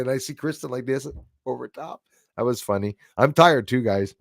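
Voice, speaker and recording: A man's voice: medium pitch, a little slow, dry recording, clean studio sound. A middle-aged man from Canada hosting a casual livestream, chatting to viewers in a rambling way with many fillers, restarts and chuckles. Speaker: livestream host. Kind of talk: casual livestream chat reading viewer comments.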